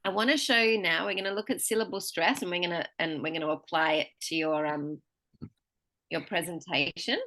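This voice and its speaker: A woman's voice: lowish voice, a little fast, pushed and bright. A woman teaching pronunciation one-to-one online, who patiently explains syllable stress and encourages her student.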